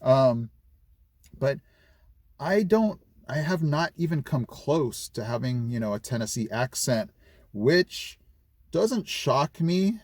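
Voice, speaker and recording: A man's voice: mid-range voice, sing-song, slow, a little mellow, no echo. A middle-aged man from California chatting casually in a vlog, rambling with lots of fillers and restarts. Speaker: vlogger.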